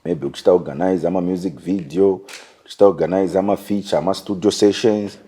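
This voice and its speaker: A man's voice: low voice, fast, husky. A Zambian man, a musician guest, chatting loosely in an interview, switching between English and Bemba with lots of "you know". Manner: relaxed, loose phrasing with frequent "you know" and "like". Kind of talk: casual interview chat mixing English and Bemba.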